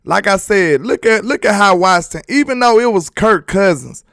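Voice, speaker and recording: A man's voice: high-pitched, animated, normal speed, gravelly, fairly bright tone, dry recording, clean studio sound. A man hosting a casual sports live stream, reading viewer comments aloud in a loose, slangy, repetitive way and laughing often.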